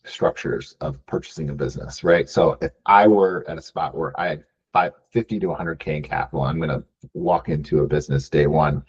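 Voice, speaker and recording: A man's voice: rumbling low, a little fast, slightly rough, muffled recording. A man from Michigan answering interview questions casually, often adding "right?" and restarting phrases. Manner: frequent "um" and "right?" tags, restarts. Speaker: business buyer guest.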